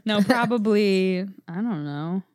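A woman co-hosting a casual podcast, chatty and quick to giggle. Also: medium pitch, animated, darkish tone, clean tone, no room sound, clean studio sound. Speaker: podcast co-host. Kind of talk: casual chat.

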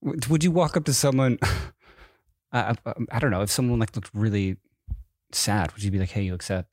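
A man's voice: mid-range voice, animated, moderate pace, dry recording. Man ranting in exasperated questions. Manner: rambling, exasperated rhetorical questions. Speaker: podcast co-host. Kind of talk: casual chat. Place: in bed at home.

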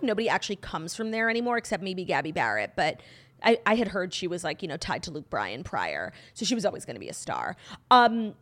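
A young woman co-hosting a podcast in easy chat. She gushes over what she has watched, swears freely and laughs often. Her voice sits at an ordinary middle pitch. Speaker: podcast co-host. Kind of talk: casual chat.

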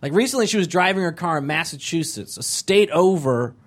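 A young man from Rhode Island, doing a stand-up comedy set with deadpan delivery. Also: fairly quick. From Rhode Island, USA. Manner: deadpan delivery with sudden high-pitched character voices.

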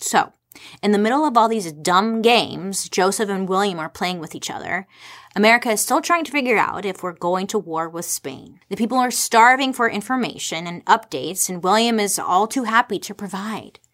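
A woman's voice: mid-range voice, animated, normal speed, fairly bright tone. Irreverent, sarcastic woman telling history. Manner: irreverent, sarcastic asides, swears freely; talks to the audience with rhetorical questions. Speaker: history explainer host. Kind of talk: casual comedic history storytelling.

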